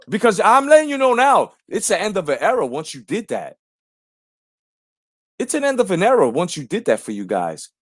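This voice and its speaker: A man's voice: high-pitched, no echo, studio quality. Profane ranting man in his forties. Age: 40s. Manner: profane, confrontational, animated. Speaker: YouTube channel host. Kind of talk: ranting monologue.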